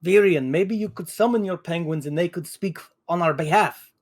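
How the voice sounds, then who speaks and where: A man's voice: high voice, moderate pace. A man playing a tabletop game, asking about checks and explaining rules in an easygoing way. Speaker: player. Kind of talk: casual tabletop play.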